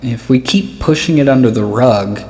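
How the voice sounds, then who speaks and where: A man's voice: medium pitch, moderate pace. Self-mocking stand-up comedian, man. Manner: rambling, self-mocking, laughs at own jokes. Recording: live hall echo with loud noise.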